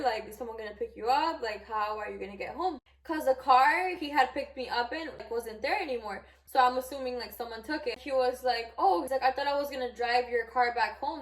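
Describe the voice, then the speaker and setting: A young woman vlogger telling a storytime in a chatty, animated way, filling her talk with "like". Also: on the high side, echoey room. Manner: chatty, animated, heavy use of "like". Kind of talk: casual storytime.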